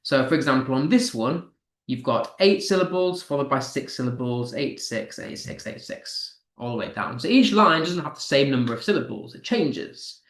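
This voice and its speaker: A man's voice: medium pitch, expressive, moderate pace, a bit bright. British male teacher, encouraging, stresses verse, echoey room. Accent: British English. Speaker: English teacher. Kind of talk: live online lesson.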